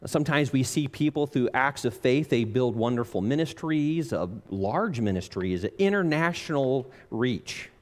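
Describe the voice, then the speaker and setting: A man preaching a sermon in an earnest, measured way, slowing down and dropping low on key phrases. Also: animated.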